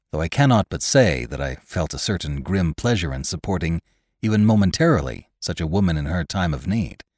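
A man reads a classic story aloud with a low voice and lively, rising and falling intonation. His delivery is measured and expressive. The sound is dry and close. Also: dry recording. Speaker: podcast narrator. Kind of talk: audiobook narration of a classic story.

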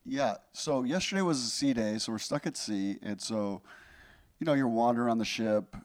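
A man who is a comedian and podcast co-host, talking in a relaxed, affectionate, chatty way. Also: medium pitch, normal speed. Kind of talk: casual podcast chat.

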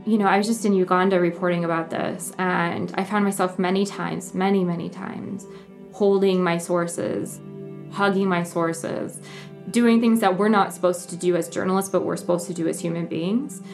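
A young woman, a journalist, telling her personal story in an earnest, emotional way, often halting and restarting. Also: fairly low pitch, fairly even intonation, gravelly, a little mellow, faint music behind.

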